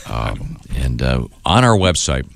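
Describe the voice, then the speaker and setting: A man's voice: rumbling low, sing-song, unhurried, creaky, fairly bright tone. A man hosting a radio talk show, bantering dryly with guests in the studio.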